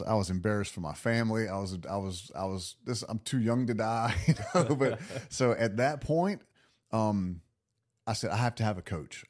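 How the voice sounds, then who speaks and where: A man guest on a podcast, telling a story in a casual, animated way, laughing and restarting his sentences. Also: fairly low pitch. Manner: animated, laughing, lots of restarts and acted self-talk.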